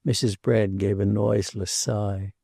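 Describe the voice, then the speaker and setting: A man narrating a classic novel as an audiobook, reading in a measured, unhurried way. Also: fairly low pitch, level tone, vocal fry, dark tone, dry recording, studio quality.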